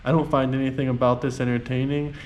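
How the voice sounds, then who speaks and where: A man's voice: medium pitch, little pitch movement, fast, a little mellow, dull audio. A man reacting to political clips with blunt, scornful casual commentary as the host.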